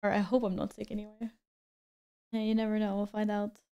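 A woman's voice: medium pitch, flat delivery, a little fast, smooth, muffled recording. A woman streaming a game and chatting casually, greeting viewers by name and laughing often, a little stuffy from a cold. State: slightly stuffy, recovering from a cold. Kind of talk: casual live-stream chat.

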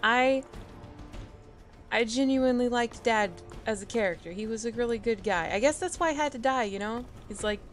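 A woman's voice: on the high side, normal speed, soft background music. Upset young woman ranting over gameplay. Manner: emotional, ranting, talks back to the game. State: upset and angry. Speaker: let's play gamer. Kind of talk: casual gameplay commentary.

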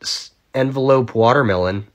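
A young man in his twenties riffs through a comic monologue at a mid-range pitch. He rambles sarcastically, shouting one moment and mumbling the next. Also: moderate pace. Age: 20s. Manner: sarcastic, rambling, jumps between loud outbursts and mutters. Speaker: comedy creator. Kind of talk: casual comedic monologue.

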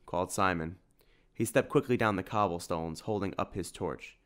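A man narrates an audiobook in a steady, even way. His voice sits fairly low. He reads the text straight through. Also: moderate pace.

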